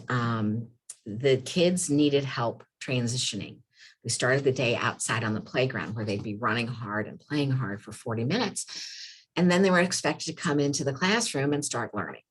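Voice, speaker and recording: A middle-aged woman and former preschool teacher talking volunteers through calming activities and reading picture books aloud in a sing-song voice. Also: very deep voice, normal speed, husky.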